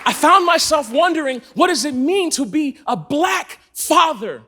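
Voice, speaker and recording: High-voiced, animated man preaching. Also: unhurried, some chatter behind, a little hiss or hum. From Los Angeles. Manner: animated storytelling, laughing often. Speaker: church speaker. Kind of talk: sermon. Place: church in front of a congregation.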